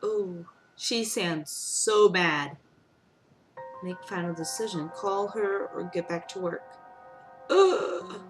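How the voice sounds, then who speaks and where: A woman's voice: lowish voice, takes it slowly, soft background music. A woman gamer doing let's play commentary, reacting emotionally with frequent exclamations and reading the game's text aloud.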